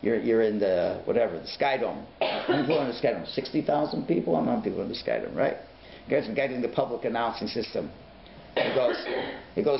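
A man teaching a Torah class as a rabbi, animated and dramatic, acting out voices, swinging from hushed whispers to sudden shouts. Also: mid-range voice, fairly quick, creaky. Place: synagogue learning centre classroom. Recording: echoey room, dull lo-fi sound, faint hiss.

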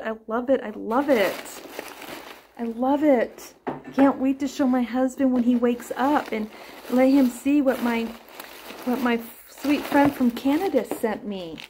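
A woman's voice: on the high side, dark tone, a little hiss or hum. A middle-aged woman chatting casually as she unboxes gifts on her crochet vlog, gushing and thinking aloud. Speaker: crochet vlogger.

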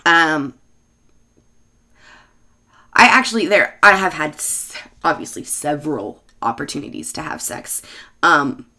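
A woman in her thirties rambles through a casual monologue, swearing freely and laughing at herself. Her voice sits on the lower side, yet its tone is bright and forceful. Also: sing-song, measured pace, long pauses. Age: 30s. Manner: profane, self-mocking, laughs often. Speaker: bartender and show host.

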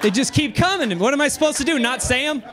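A male stand-up comedian performs on stage into a handheld mic, his voice pitched high and bouncing all over the place. He tells his stories with animated energy and often breaks into his own laughter. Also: quick pace, a crowd in the background, noisy background. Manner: animated storytelling, jumps to high excited delivery, breaks into laughter. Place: comedy club stage with live audience.

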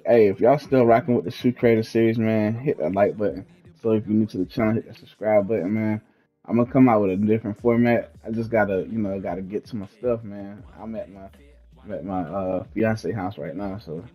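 Laid-back young man, low mellow voice. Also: brisk. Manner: laid-back slangy, trails off while thinking. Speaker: gaming video host. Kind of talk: casual gameplay walkthrough. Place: at home, in his fiancée's house.

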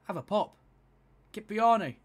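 High-voiced lad commentating his game. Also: a little slow. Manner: swings from low muttered grumbling to shouted excitement. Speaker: gaming YouTuber playing football career mode. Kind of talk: excited live play-by-play commentary.

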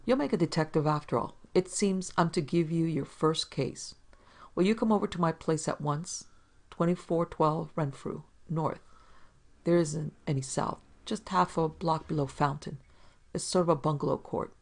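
A narrator voicing a glamorous woman with a rich, husky, low voice, who speaks slowly under strain. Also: a little mellow. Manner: slow, tense, sly.

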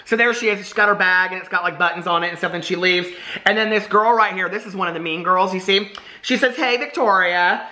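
Man, forties, bright forceful voice, chatty, animated, casual book review vlog. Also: high-pitched, quick pace. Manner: animated and chatty, lots of "like" and laughter.

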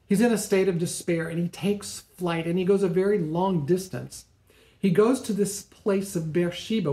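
A male pastor preaching a sermon, retelling a story dramatically with pauses and restarts. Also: high voice, a little mellow, echoey room. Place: church sanctuary.

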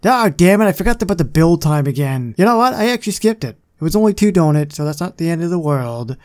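A man's voice: a little high, expressive, quick pace, darkish tone. A man hosting a gaming channel, giving casual gameplay commentary in a chatty, self-deprecating way with muttered asides.

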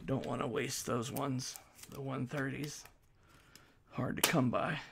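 Card-break host, male, unhurried and gravelly, loud card calls with muttered asides. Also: mid-range voice, fairly even intonation, noisy background. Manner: announces each card loudly, then mutters asides. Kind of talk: casual card-break commentary.

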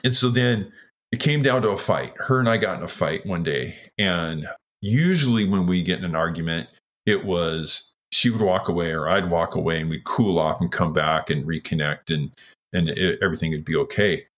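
A man's voice: low voice, normal speed, fairly bright tone. A man in his sixties from Washington State, a retired firefighter telling his story earnestly in an interview. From Washington State, USA. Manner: earnest, acts out others' words while telling a story.

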